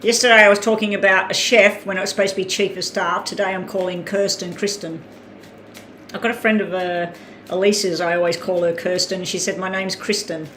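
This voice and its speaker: A woman's voice: mid-range voice, steady tone, a little fast, a bit bright. Chatty Australian woman live-streaming. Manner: chatty, reads out names, talks while eating. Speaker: tarot reader. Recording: echoey room with faint ambient noise.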